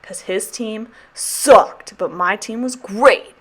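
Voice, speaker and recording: A young woman who teaches and vlogs about planners talks slowly in a fairly bright, mid-range voice. Chatting casually as she sticker-plans her week, she rambles, swears freely, and jokingly apologizes along the way.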